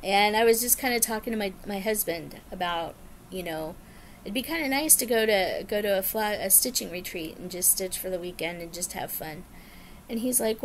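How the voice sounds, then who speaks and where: A woman talking in a chatty, meandering way, bubbling over with excitement as she goes. Her voice sits at an ordinary middle pitch, with a faint hum of noise in the background. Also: normal speed. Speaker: cross-stitch vlogger. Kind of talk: casual chat to camera.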